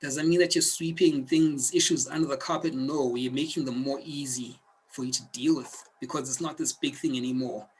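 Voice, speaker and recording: A man's voice: medium pitch, fairly even intonation, fairly quick, hardly any pauses, breathy edge, poor audio. A man teaching a self-help video lesson, speaking earnestly and directly to the viewer like a coach. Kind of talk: instructional video talk.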